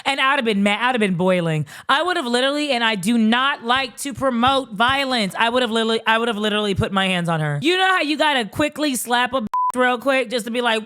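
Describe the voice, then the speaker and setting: Young woman, slightly high voice, animated reality-TV recapper. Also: fairly quick, hardly any pauses. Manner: animated storytelling, acts out people with raised voice, laughs often. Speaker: commentary host. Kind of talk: casual reality-show commentary.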